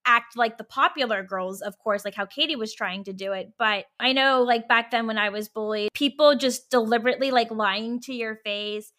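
A woman's voice: fairly high pitch, moderate pace, few pauses, bright, forceful tone. A woman hosting a podcast, chatting candidly and frankly, with lots of "like" fillers. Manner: candid, frank, heavy use of "like". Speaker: podcast host. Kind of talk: casual interview chat.

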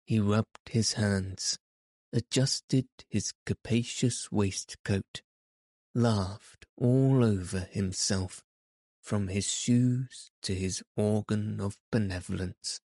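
A man narrating a classic story in an expressive, measured audiobook reading. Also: on the low side, no room sound, clean studio sound.

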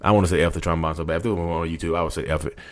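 A man's voice: low-pitched, steady tone, rapid-fire. A man, hosting his own channel and ranting with emphatic repetition, calling his listeners y'all. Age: 30s. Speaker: YouTube host. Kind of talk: impassioned rant to camera.

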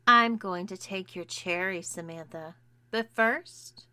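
Woman doing commanding young woman, coaxing, bright tone, unhurried. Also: medium pitch. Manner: coaxing, domineering.

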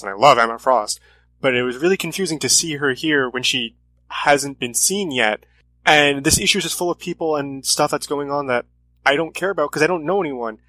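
Earnest man with a higher voice. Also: fairly quick, sharp tone, no room sound. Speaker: comic podcast co-host. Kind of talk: casual chat.

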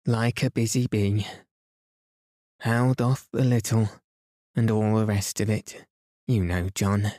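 A man voicing a cheerful young wife and mother in a bedtime story reading, lively and affectionate, only slightly lifting his voice. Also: on the low side, slow, pauses often, no room sound, studio quality. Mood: bustling, doting.

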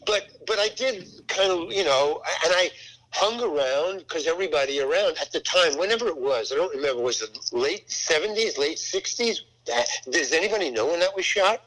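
A man's voice: on the high side, brisk, low-quality recording. An older man casually telling a rambling anecdote about a film set, acting out the voices in it. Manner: rambling, animated, acts out voices in his story. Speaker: actor telling a set story.

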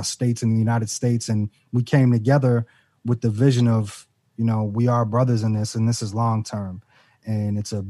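A man, a rapper, calmly and earnestly telling the story of his group's album. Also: fairly low pitch, no echo. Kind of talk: casual interview.

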